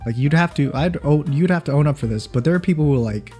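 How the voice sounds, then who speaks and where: A man's voice: on the high side, fast talker, mellow, soft background music. A young man co-hosting a podcast in casual chat, rambling and restarting his sentences. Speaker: podcast co-host.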